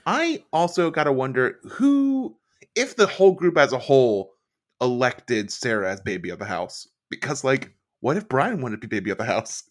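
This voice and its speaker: A man co-hosting a podcast, chatting casually and goofing around with joke voices. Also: mid-range voice. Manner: goofy, animated, does joke voices. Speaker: podcast co-host. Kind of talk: casual chat.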